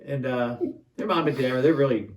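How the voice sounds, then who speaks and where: A man's voice: medium pitch, normal speed, distant mic. Easygoing middle-aged man, roomy and off-mic. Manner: easygoing, dry short replies. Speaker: podcast co-host, husband. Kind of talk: casual chat.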